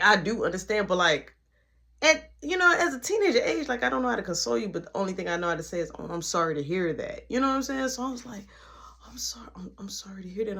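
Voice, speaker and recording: A young man telling a casual storytime, animated and acting out every quote, sometimes dropping to a hushed voice. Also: high-pitched. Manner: drops to a hushed voice for tender moments.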